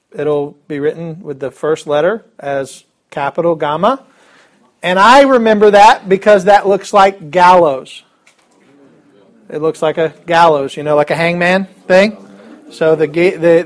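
High-voiced upbeat man teaching a class. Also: measured pace. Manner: upbeat, chatty, joking asides. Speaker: Greek teacher. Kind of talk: classroom lesson.

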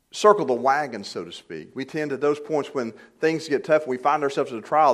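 An older man preaching a sermon in a church, plainly conversational with light humor, rising to emphatic peaks on key points. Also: mid-range voice. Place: church sanctuary.

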